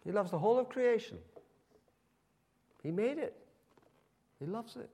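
A man's voice: high voice, animated, a little slow, dark tone, slightly rough. A man preaching a sermon in a conversational, emphatic storytelling manner.

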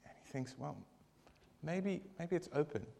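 A man leading a group devotion, telling a long joke in a casual, rambling, animated way with many asides. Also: a little high, a little slow, gravelly.

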